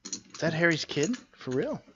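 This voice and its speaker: Dude co-hosting a poker stream, chatty, reads the chat, muffled noisy sound w typing clicks. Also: male voice, a little high, very animated, normal speed, bright, forceful tone. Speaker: poker co-commentator. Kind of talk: casual play-by-play commentary. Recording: muffled stream audio with noise.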